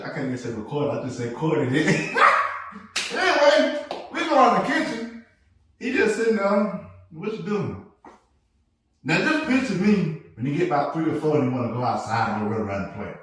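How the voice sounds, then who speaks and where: Podcast host guy, bit high voice, swoops all over telling stories, laughs a lot, echoey room far off mic. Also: slight background noise. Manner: animated storytelling, laughing often. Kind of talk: casual chat.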